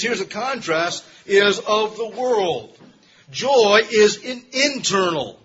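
Man preaching, high voice, emphatic, repeats key lines, muffled lo-fi recording, faint hiss. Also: fairly bright tone, slightly rough. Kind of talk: sermon.

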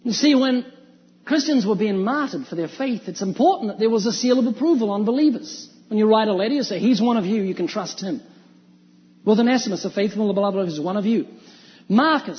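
High-voiced preacher in a reverberant hall. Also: male voice, brisk. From New Zealand. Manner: animated preaching, quoting scripture, acting out voices. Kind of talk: sermon. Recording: dull sound with long hall reverb.

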